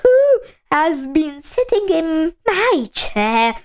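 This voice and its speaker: A woman voicing a calm, middle-sized mother bear in a measured, even way, reading a storybook aloud. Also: extremely high pitch, full character voice. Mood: questioning.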